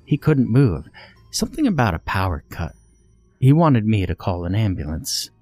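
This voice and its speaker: A brisk, chatty older neighbor lady, put on by a male narrator in a spoken horror story. Her voice stays low and subdued, with faint music under it. She brushes off worry in a plain, matter-of-fact way. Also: sing-song, mellow, dry recording.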